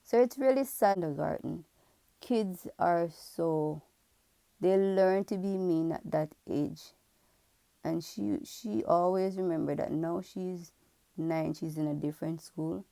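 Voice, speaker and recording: A woman's voice: lowish voice, takes it slowly, gravelly, mellow, dry recording. A woman from Jamaica who works as a pharmacist, telling her own story to camera in a frank, earnest, reflective way. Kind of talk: candid personal storytelling to camera.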